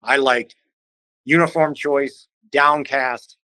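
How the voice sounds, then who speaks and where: A man from Cleveland telling stories as a podcast guest, animated and acting out what other people said in quick little voices. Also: mid-range voice, no echo, poor audio. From Cleveland, Ohio. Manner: animated, acts out quoted voices, swears casually. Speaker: podcast guest, band vocalist. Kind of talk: casual storytelling in conversation.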